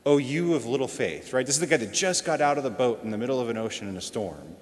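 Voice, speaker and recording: A man's voice: mid-range voice, animated, very fast. A man reading a gospel passage and then giving a homily in an earnest, reflective manner. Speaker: preacher. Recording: long hall reverb.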